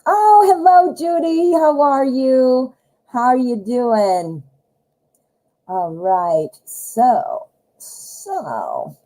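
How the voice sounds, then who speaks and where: Woman host, chatty live tarot reader, mellow tone, lively delivery. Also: mid-range voice, rough recording. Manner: chatty, animated, greets viewers by name. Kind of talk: casual live-stream chat.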